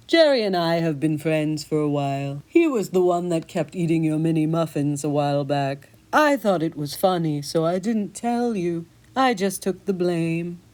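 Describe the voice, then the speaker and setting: A woman's voice: lowish voice, a little mellow. Woman voicing Akiro, a sly drawling male cat. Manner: slow deliberate drawl.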